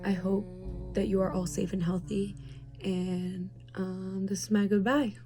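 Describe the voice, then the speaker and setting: A woman's voice: medium pitch, flat delivery, unhurried, over music. A teenage girl, a graduating show choir senior, saying an affectionate goodbye. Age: teens. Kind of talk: farewell message.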